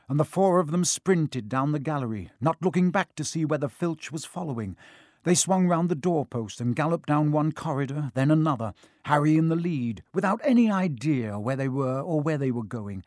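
A man narrating a storybook aloud, expressive and lively, giving the characters their own voices. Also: mid-range voice, moderate pace, no room sound, studio quality. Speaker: audiobook narrator.

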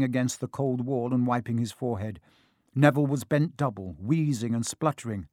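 A man narrating a storybook aloud, expressive and lively, giving the characters their own voices. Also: mid-range voice, normal speed, no echo, clean studio sound. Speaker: audiobook narrator.

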